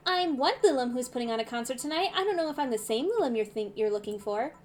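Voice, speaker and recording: A woman's voice: high voice, animated, fast, slight background noise, pitched below the performer's own voice. Woman voicing a chirpy young pop idol. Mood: breezy. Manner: bright, theatrical, sing-song delivery. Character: bubbly young female pop idol, upbeat and showy. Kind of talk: reading a visual novel aloud.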